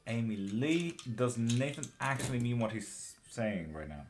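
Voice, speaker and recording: A man doing live tarot readings, chatting breezily with viewers and answering questions quickly, with casual swearing. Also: mid-range voice, big pitch swings, faint music behind. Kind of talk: casual live-stream chat.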